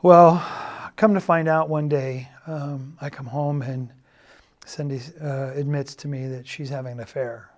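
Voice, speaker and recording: A middle-aged man giving a halting, earnest confessional testimony, often dropping to a quiet, subdued tone. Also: on the high side, steady tone. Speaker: church member giving a personal testimony.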